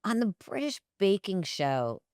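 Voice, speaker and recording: A woman's voice: mid-range voice, very animated, a little slow, a little mellow, no echo, clean studio sound. A woman in her fifties hosting a casual interview, wry and conversational as she asks questions. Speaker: host.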